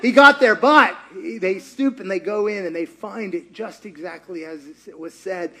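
A man preaching a sermon, retelling a story with animated delivery, acting out quotes and laughing often. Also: high voice, moderate pace.

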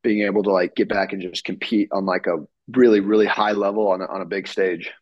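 A young man talks loosely and eagerly, full of "like" and "you know," and jumps into the voices of the people in his story. His pitch sits in a middle range, and the sound is dry and a bit dull, as from a remote call. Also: fast talker, no echo. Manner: animated storyteller, acts out quoted exchanges, many fillers. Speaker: professional baseball pitcher, guest. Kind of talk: casual interview storytelling. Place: home studio.

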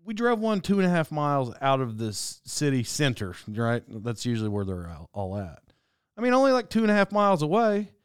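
Young man, casual storytelling, smooth clear voice, dry close sound, rambling, chuckles. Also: a little high, wildly swooping pitch, a little fast, dry recording.

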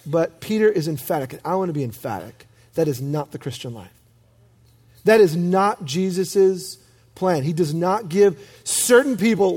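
A man preaching a sermon as pastor, telling stories with self-deprecating humor and lively emphasis. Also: fairly high pitch, unhurried, breathy edge.

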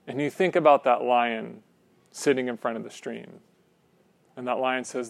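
A man's voice: medium pitch, steady tone, measured pace, gravelly, dry recording. A man preaching a sermon in a conversational way, often checking in with "right?".

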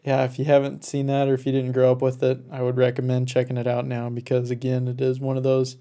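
Mellow-voiced man chatting casually. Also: medium pitch, fast. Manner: relaxed, enthusiastic, fillers and restarts. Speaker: podcast co-host. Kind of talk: casual chat about movies.

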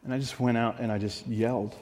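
A man's voice: mid-range voice, flat delivery, fast talker, darkish tone. Earnest male pastor preaching in a reverberant hall. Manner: earnest, confessional preaching with repeated phrases. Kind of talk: sermon.

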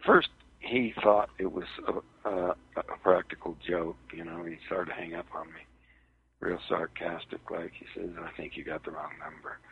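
Heard through a thin phone connection on a radio program, a male guest hesitantly describes an ordeal he lived through. He has a low, slightly rough voice.

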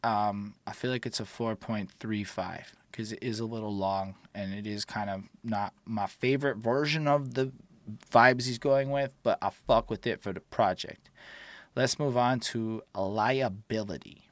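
A man's voice: lowish voice, a little slow, dry recording. Rambling young man reviewing songs. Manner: loose, rambling, heavy filler words. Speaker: podcast co-host reviewing music. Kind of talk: casual album review chat.

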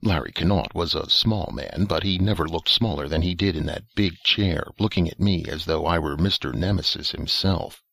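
Very deep, gravelly, husky male narrator, measured first-person storytelling. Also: a bit bright, no echo.

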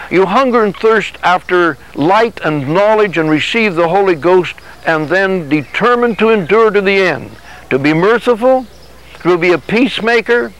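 A man's voice: sits high, fairly bright tone, low-quality recording. A man preaching a sermon in an earnest way, acting out dialogue as he teaches. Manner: earnest, acts out dialogue with God and his body.

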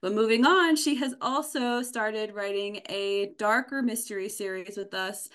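A woman's voice: mid-range voice, unhurried, a bit bright. A woman from a bookstore team chatting casually and enthusiastically about books she recommends, with frequent ums and restarts. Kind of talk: casual book recommendation chat.

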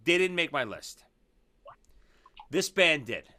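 A man's voice: a little high, big pitch swings, takes it slowly, bright, forceful tone. A man co-hosting a casual talk show, blunt and opinionated, often restarting his sentences. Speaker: podcast co-host. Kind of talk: casual chat.

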